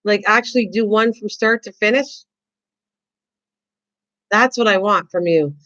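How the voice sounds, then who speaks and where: Excitable woman on a lo-fi livestream. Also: medium pitch, a little slow. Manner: excitable, rambling, repeats words. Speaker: craft livestream host. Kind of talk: casual chat reading viewer comments. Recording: dull lo-fi livestream audio.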